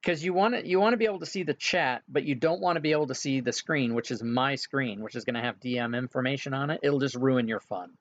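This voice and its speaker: A man's voice: mid-range voice, fast talker, hardly any pauses, muffled recording. A man working as game master, casually walking players through setup with frequent filler sounds. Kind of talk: casual instructions during an online game session.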